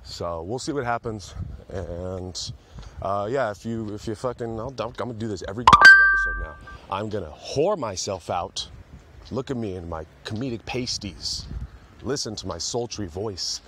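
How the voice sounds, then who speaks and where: A man's voice: fairly low pitch, normal speed, very noisy. A young man hosting a solo comedy podcast, rambling and cursing with self-mocking humor. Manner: rambling, profane, self-mocking comic delivery.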